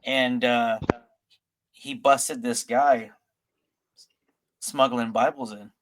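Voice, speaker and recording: A man's voice: mid-range voice, fairly even intonation, drawn-out words. A man hosting a podcast, retelling a story in a loose, casual way with many fillers and restarts. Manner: rambling, filler-heavy retelling. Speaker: podcast host.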